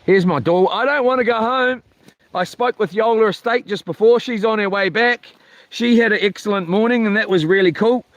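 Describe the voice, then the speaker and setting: A man's voice: high voice, moderate pace, dull audio. A man chatting casually in a camping vlog, rambling with many fillers and mild swearing, recorded outdoors at a coastal campsite. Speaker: camping vlogger. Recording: outdoor wind and noise.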